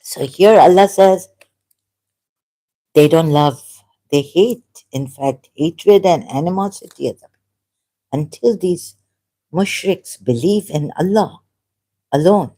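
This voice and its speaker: A solo vlogger speaking in a halting, argumentative monologue and reading passages aloud. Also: medium pitch, dark tone.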